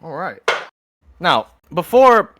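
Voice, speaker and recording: A young man running a tabletop game as game master, telling the scene in a lively way. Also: high-pitched, takes it slowly, background noise. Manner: lively storytelling, slips into character voices.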